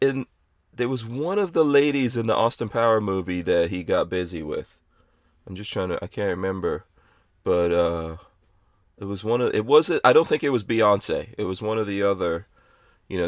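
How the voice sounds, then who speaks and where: A man's voice: low-pitched, dry recording, studio quality. A man hosting a podcast in a rambling, playful way, reading out chat comments. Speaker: podcast host.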